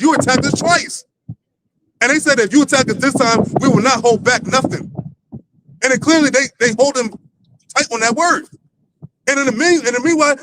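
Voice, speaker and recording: Man, high voice, casual profane Bible teacher, noisy livestream mic. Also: fairly bright tone. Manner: loose and profane, lots of fillers and restarts. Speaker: lead teacher of a religious camp.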